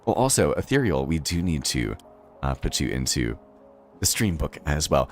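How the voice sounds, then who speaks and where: A Boston man with a Boston accent chats casually on a game live stream, rambling with plenty of fillers and laughing often. His rumbling low voice swings widely in pitch at a moderate pace, with soft music playing in the background.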